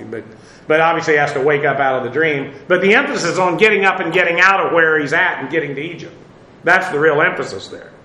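A man gives a verse-by-verse Bible lesson with a high, bright voice. He talks casually, with plenty of "uh"s and dry asides to his listeners. The room around him rings with echo. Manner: conversational, many fillers, wry asides. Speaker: Bible teacher.

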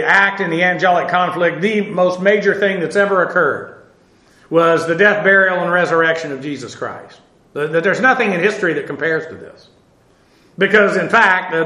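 Teaching a Bible study on the Greek text in a classroom with echoey acoustics, this man has a high-pitched, bright, forceful voice. He hesitates a lot, uses many fillers and spells words letter by letter.

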